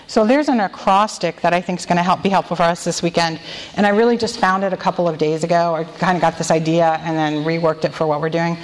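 A women's retreat speaker with a slightly low voice leads a devotional talk with group responses, gentle, slow and prayerful. She stretches out the key phrases she wants repeated, and a long reverb makes it sound like a large hall.

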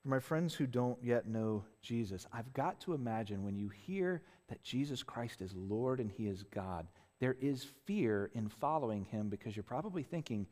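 A man's voice: mid-range voice, animated, normal speed, hardly any pauses, darkish tone, long reverb tail. A man preaching a conversational sermon as a pastor, earnest, often restarting phrases and checking in with "right?". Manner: earnest, with frequent restarts and tag questions.

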